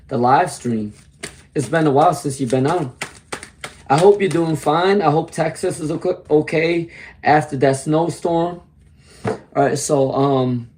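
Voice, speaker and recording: A man with a hoarse voice from laryngitis, giving a chatty live-stream tarot reading and greeting viewers by name. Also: mid-range voice, darkish tone, a little hiss or hum. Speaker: tarot reader.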